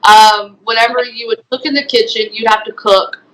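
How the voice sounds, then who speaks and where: A woman's voice: fairly high pitch, steady tone, moderate pace, a bit bright, low-quality recording. A young woman giving interview testimony, hesitant, with frequent ums and likes. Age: young adult. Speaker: guest, former resident.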